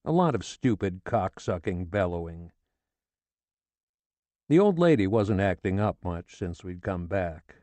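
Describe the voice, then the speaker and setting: Low-voiced man reading a sardonic novel. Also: expressive, measured pace, warm tone, dry recording. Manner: sardonic, coarse first-person telling. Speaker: audiobook narrator. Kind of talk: scripted literary narration.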